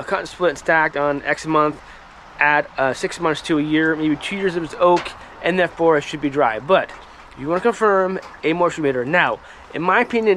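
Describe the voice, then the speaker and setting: A man hosting a firewood channel, talking casually to camera outdoors in halting speech full of ums and restarts. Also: on the high side, fairly bright tone. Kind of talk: casual vlog talk to camera. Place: outdoors by a woodpile, rain and traffic nearby. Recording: light rain and road noise behind.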